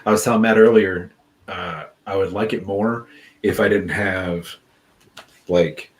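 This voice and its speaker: Laid-back low-voiced man chatting casually. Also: steady tone, a little slow. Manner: laid-back, chatty, lots of fillers and laughter. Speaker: podcast co-host. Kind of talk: casual chat.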